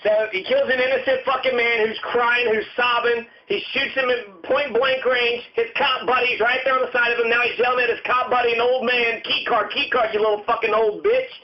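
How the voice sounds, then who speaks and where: A man's voice: extremely high pitch, flat delivery, fairly quick, hardly any pauses, dull audio. A man giving an angry, profane rant in a furious, cursing, repetitive manner. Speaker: commentator.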